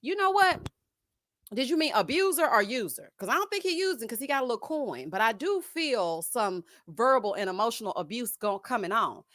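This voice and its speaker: This reality-TV review streamer speaks a little high and a little fast, and the studio-quality recording is dry. Chatting casually with her audience, she sasses them as honey and y'all and cracks herself up.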